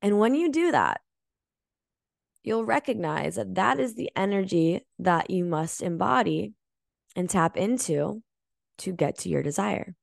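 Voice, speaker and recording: A woman hosting a motivational energy-healing podcast, speaking earnestly and emphatically, swearing casually and slowing down to stress key words. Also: mid-range voice, expressive, gravelly, no room sound, studio quality. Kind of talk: motivational coaching monologue.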